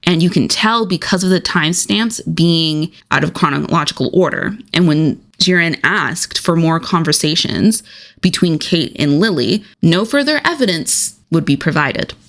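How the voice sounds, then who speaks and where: Low-voiced woman doing casual commentary. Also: animated, normal speed, a bit bright. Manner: chatty, with offhand asides. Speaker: online commentary creator.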